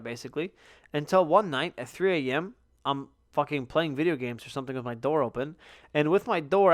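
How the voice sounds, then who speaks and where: A young man hosting a solo podcast, telling stories in a profane, animated way, sometimes sleepy and yawning. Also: on the high side. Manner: profane, animated storytelling with loud outbursts. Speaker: podcast host. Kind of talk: casual solo podcast monologue.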